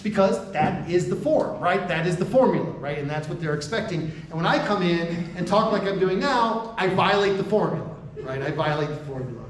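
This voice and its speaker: An American man gives a conversational lecture to faculty, restarting his sentences and checking in with his listeners. His voice sits a bit high for a man. He is heard from a distance in an echoey room with faint ambient noise. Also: lively intonation, brisk, hardly any pauses. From United States. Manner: laughs between points.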